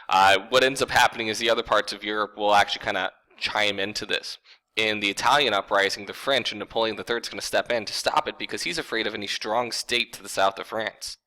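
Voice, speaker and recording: A man's voice: fairly low pitch, sharp tone, poor audio. A man teaching a history lecture in a casual, conversational way, talking straight to his viewers. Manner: conversational, informal, addresses viewers as folks.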